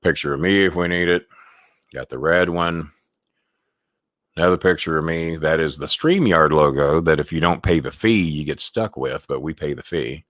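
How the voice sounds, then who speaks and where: A man's voice: very deep voice, moderate pace, a bit bright, no room sound, clean studio sound. A man hosting a casual live sports talk stream from home, chatty and rambling, swearing loosely.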